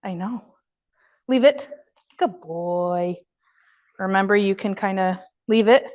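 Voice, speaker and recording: A woman dog trainer leading an online class, explaining steps and praising her dog in a high, happy voice between instructions. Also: moderate pace, a little mellow, muffled recording.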